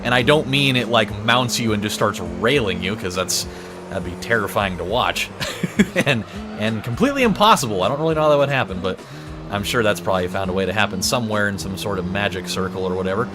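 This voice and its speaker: Young male gaming host, lively swooping pitch, crude rambling storyteller, game music and engines behind. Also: a little fast. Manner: profane, rambling, laughs at own jokes. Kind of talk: casual storytelling over gameplay. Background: game music and car engines.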